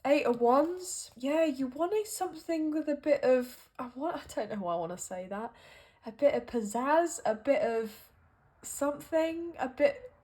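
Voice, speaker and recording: A woman's voice: sits high, animated, normal speed, darkish tone. A woman giving an intuitive tarot reading, musing and hesitant as she thinks aloud with plenty of fillers. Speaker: tarot card reader.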